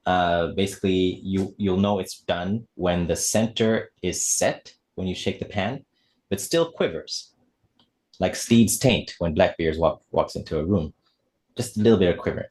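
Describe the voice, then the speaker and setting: A man's voice: deep voice, unhurried, a little mellow. A man hosting a casual online baking class, chatty and joking while explaining each step. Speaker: actor and baking class host. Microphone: laptop camera mic.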